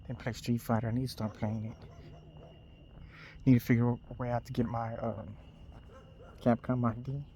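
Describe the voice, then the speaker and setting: Guy rambling on a night walk, phone in hand, kinda flat delivery, faint street noise. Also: mid-range voice. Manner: loose, unhurried rambling with trailing restarts. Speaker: vlogger. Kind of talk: casual rambling walk-and-talk. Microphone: phone held in hand.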